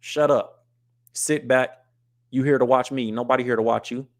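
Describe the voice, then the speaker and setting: A man's voice: medium pitch, fairly even intonation, normal speed. A man from the US West Coast hosting a live stream, talking casually and bluntly, scolding viewers and reading their comments aloud. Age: adult with wife and kids. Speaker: livestream host.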